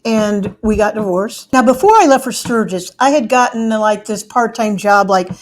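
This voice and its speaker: A woman's voice: mid-range voice, animated, moderate pace. A middle-aged woman telling a personal story in a chatty way, acting out the people she quotes.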